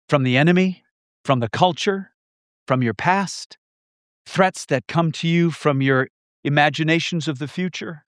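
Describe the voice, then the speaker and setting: A man preaching a sermon with emphatic repetition, swinging between loud stresses and hushed lines. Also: medium pitch, no room sound, clean studio sound.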